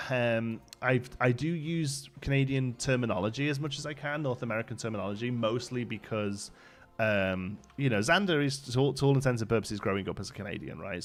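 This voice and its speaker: A man in his thirties from Birmingham with a Brummie accent, chatting casually as a game streamer, rambling with lots of restarts. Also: medium pitch. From Birmingham, England. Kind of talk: casual live-stream chat. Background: faint background music.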